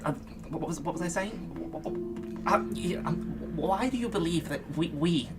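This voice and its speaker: A man narrating as game master in a tabletop game, talking haltingly with many fillers and restarts. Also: a little high. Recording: music playing behind.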